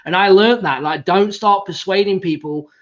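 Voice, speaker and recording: A man's voice: high voice, normal speed, dull audio. A man with an English accent hosting a casual interview, rambling with lots of fillers and laughing easily. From England. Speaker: podcast host.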